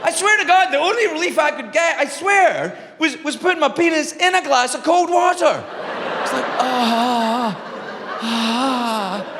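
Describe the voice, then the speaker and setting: A Scottish man tells a stand-up story with a high, lively voice that leaps up and down. He jumps from shouted punchlines to low, muttered asides. His voice rings through a reverberant theater over clear crowd noise. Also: normal speed. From Scotland. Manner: animated, exaggerated, swinging between loud outbursts and low asides. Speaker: stand-up comedian. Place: theater stage before a live audience. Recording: long hall reverb, audience noise. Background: audience laughter.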